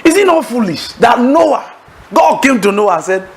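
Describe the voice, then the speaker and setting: A man preaching to a Bible study class, telling stories in an animated way, acting out laughter and asking the audience leading questions. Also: high-pitched, normal speed, a little hiss or hum, poor audio. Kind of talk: sermon-style teaching to a congregation.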